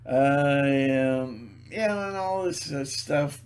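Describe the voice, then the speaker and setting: A man in a rambling solo video monologue, sarcastic and mocking, laughing at his own jokes and stumbling over repeated words. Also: medium pitch. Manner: halting, repeats words and restarts. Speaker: video blogger.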